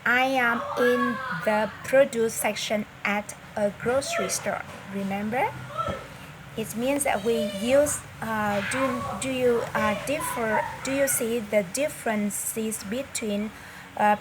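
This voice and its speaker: A woman, a native Vietnamese speaker, giving a slow, careful English lesson inside a supermarket, often pausing and repeating herself. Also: fairly high pitch, fairly even intonation. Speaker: English teacher. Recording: audible store background noise.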